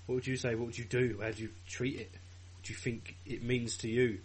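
A man's voice: medium pitch, flat delivery, brisk, a little hiss or hum. A man hosting a podcast, leading casual chat and laughing often. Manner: leads the talk, laughs often. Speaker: podcast host.

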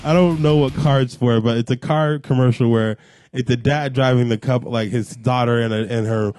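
Tipsy man bantering with a mellow voice. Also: medium pitch, moderate pace, faint music behind. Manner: animated, profane joking banter. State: tipsy from drinking. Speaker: podcast co-host. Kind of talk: casual chat.

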